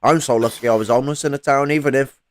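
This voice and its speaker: A man's voice: medium pitch, fairly even intonation, fast talker, a little hiss or hum, rough recording. A man in casual chat, rambling, swearing freely and laughing often. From English Midlands.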